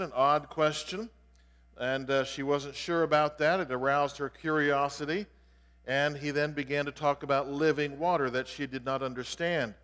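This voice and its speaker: A man's voice: on the high side, fairly bright tone. A man preaching an explanatory sermon in an earnest way, stressing key words as he teaches. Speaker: pastor. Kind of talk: expository sermon. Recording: long reverb of a large hall.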